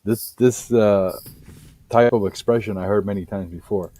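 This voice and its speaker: Male guest researcher, somewhat low and mellow, halting podcast delivery full of fillers while reading encounter cases. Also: steady tone. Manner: halting, with frequent fillers and restarts. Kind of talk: podcast interview, reading case reports.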